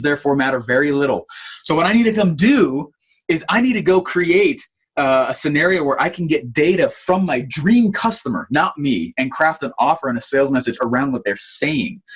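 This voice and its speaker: A man giving an online marketing training, telling stories in an animated way with lots of fillers. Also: on the high side, husky. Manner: animated storytelling with many fillers.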